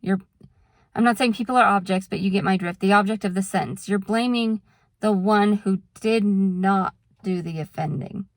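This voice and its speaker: A woman's voice: medium pitch, moderate pace, no echo, clean studio sound. A woman vlogger talking casually to camera, explaining things patiently with examples and drifting into a frank rant. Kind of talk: casual talking-head monologue.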